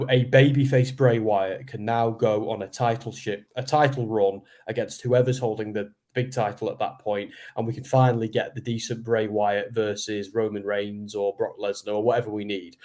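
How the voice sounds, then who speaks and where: A man hosting a casual online chat, telling a long, animated storyline monologue. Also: fairly low pitch. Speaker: host. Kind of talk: casual fantasy booking chat.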